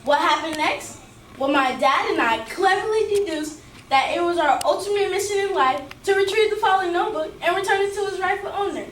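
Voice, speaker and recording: Extra, theatrical Bobby, read by a woman in a very high voice. She tells her tale with storytelling flourish. The sound is roomy, off-mic, with a faint noise beneath. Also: brisk, distant mic. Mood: playful. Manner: reading lines with storytelling flourish. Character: Bobby, a theatrical over-the-top girl. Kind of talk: rehearsal line reading.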